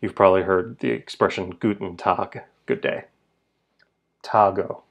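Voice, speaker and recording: A man teaching a pronunciation lesson, speaking slowly and repeating each word so learners can follow. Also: deep voice, animated. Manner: slow, deliberate, repeats words for learners. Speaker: language teacher.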